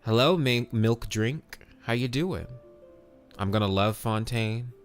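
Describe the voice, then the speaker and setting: A man's voice: medium pitch, slow pace, soft background music. A man streaming a video game live, chatting casually and upbeat, greeting viewers by name and swearing now and then.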